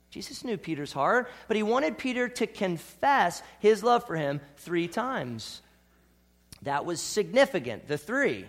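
High-voiced preacher, soft then emphatic. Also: male voice. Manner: swings between soft hushed lines and bold emphatic ones. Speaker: pastor. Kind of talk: sermon. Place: church.

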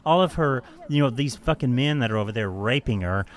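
A man's voice: medium pitch, lively intonation, brisk. A man hosting a casual podcast chat who tells a story with heavy swearing and mockery and laughs often.

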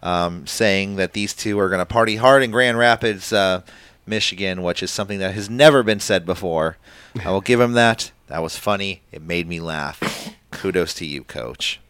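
A man's voice: deep voice, moderate pace, fairly bright tone, clean tone, no room sound. A man casually recapping a wrestling match play by play with his co-hosts on a podcast. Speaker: podcast co-host.

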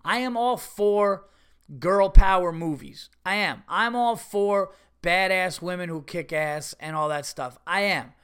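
A man's voice: high-pitched, measured pace, fairly bright tone, smooth. A middle-aged man hosting a podcast, ranting in a profane, repetitive, emphatic way. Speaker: podcast host. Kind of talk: casual solo podcast rant.

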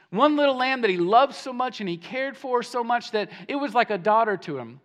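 A man preaching a sermon as pastor, animated and emphatic, often repeating words as he starts a phrase. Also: very high voice, brisk, hardly any pauses. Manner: animated preaching, swings between hushed and emphatic.

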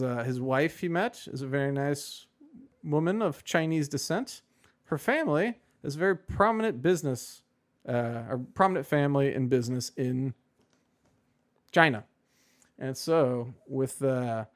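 A man's voice: mid-range voice, moderate pace. A man co-hosting a podcast in casual chat, rambling and sarcastic with many fillers. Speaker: podcast co-host.

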